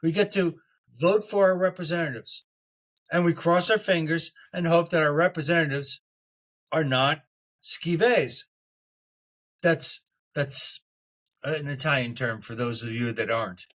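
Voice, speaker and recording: A man co-hosting a podcast, in casual political chat. He talks haltingly and often repeats and restarts his words. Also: on the high side, fairly bright tone. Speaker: podcast co-host.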